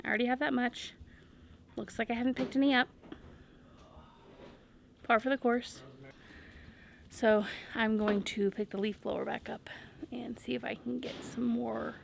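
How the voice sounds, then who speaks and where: Chatty homesteading woman with a gravelly edge. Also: a little high, fairly even intonation, normal speed, long pauses, a little hiss or hum. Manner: chatty, rambling with fillers. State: out of breath. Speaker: homesteader vlogger. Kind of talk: casual outdoor vlog narration. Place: outdoors on a farm.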